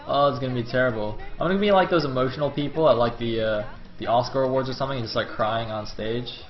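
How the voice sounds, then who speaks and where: A man's voice: medium pitch, fast. Chatty young man casting a game. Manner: chatty, rambling asides with fillers. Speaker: game caster. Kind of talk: solo esports commentary on stream. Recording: slightly dull lo-fi stream audio with faint music.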